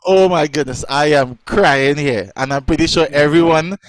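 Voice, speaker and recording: A man's voice: fairly high pitch, moderate pace. Effusive man hosting a show. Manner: effusive, laughing, chatty. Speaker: host.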